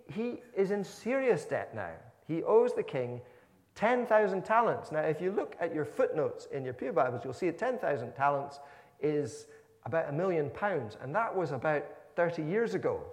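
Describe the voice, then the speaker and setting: A man preaching a sermon in a church, explaining in a conversational way with asides. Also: a little high. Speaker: minister. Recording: long church reverb.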